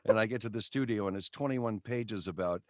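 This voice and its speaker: An older man co-hosts a podcast, telling wry, joking stories. His voice is low, and the recording is dry. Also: a little fast, no echo. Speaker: podcast co-host. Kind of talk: casual chat with anecdotes.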